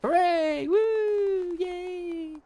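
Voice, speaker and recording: A woman doing a shrill excitable little engineer. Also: drawn-out words, slight background noise, heavily acted. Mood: excited. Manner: shrill, squealing.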